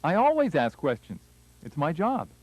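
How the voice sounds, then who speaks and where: Speaker asking short questions, very varied pitch. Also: wildly swooping pitch, moderate pace, a little mellow, breathy edge, poor audio. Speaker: questioner in a language course recording. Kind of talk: scripted course dialogue.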